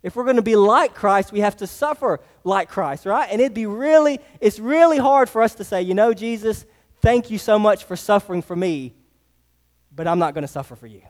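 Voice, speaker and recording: Pastor, man, high voice, emphatic and repetitive sermon delivery, long church reverb. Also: moderate pace. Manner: emphatic, repeats phrases, asks the congregation rhetorical questions. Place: church sanctuary.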